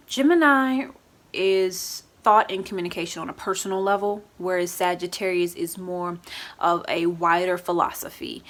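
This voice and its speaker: Woman, vlog host, casual explainer, chatty, conversational fillers, playful acted-out quotes. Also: lowish voice. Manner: chatty, frequent "you know" and "right?"; acts out quoted moods in lively voices. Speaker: astrology YouTuber.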